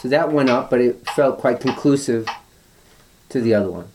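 At medium pitch and normal speed, a music teacher explains call and response in a guitar lesson. He thinks aloud, restarting and using fillers, and plays guitar between his remarks.

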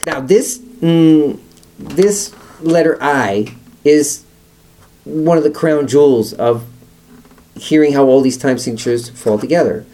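A man giving a one-on-one rhythm lesson as a music teacher, patiently explaining and chanting counting syllables in steady beats. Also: a little high, slow pace, slight background noise. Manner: patient, encouraging instruction. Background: loud instrument music playing.

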